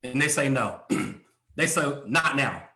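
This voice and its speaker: Male motivational speaker, sharp bright tone with wide swings in pitch. Emphatic delivery full of rhetorical questions, with frequent throat clearing. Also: lively intonation, takes it slowly, reverberant. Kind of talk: motivational sales training talk.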